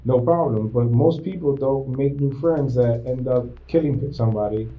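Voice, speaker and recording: A man's voice: mid-range voice, moderate pace. Man detective questioning a suspect, thin phone-like tape sound. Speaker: police detective. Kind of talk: interrogation questioning. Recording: tinny distant interview room audio.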